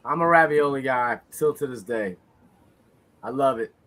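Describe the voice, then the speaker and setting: A man's voice: mid-range voice, normal speed, fairly bright tone. A man co-hosting a live sports watch party stream, loose and joking as he chats with viewers. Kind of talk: casual live-stream chat.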